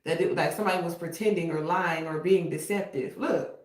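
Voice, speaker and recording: A woman's voice: lowish voice, a little fast. A woman giving a casual tarot reading in a blunt, slangy way. She often repeats "okay?". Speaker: tarot reader. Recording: echoey room with noise.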